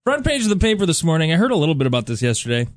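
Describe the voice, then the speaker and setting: A man's voice: fairly high pitch, big pitch swings, racing, dry recording, clean studio sound. A man co-hosting a radio show, joking and rambling with frequent laughs. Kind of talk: casual morning radio chat.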